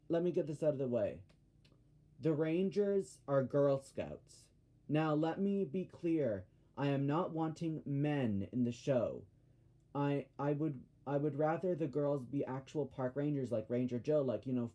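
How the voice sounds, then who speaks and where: Guy doing a casual show review, rambly and ranty, keeps correcting himself, warm low-key tone. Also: lo-fi sound. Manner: rambling, ranting, self-correcting.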